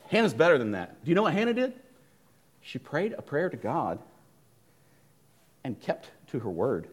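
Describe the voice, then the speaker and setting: A man preaching a sermon as pastor, telling stories emphatically and swinging between loud emphasis and hushed lines. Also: high voice.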